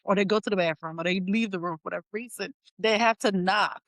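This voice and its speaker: A woman hosting a podcast, telling stories in a lively casual chat and acting out what people said. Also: mid-range voice, fast, no room sound. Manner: animated storytelling, acts out quotes. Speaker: podcast host.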